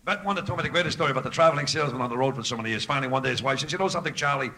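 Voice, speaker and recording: A man's voice: medium pitch, sharp tone. A man doing a stand-up comedy set on a club stage, rattling off jokes and acting out the voices in his stories. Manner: brisk joke-telling, acts out voices in stories.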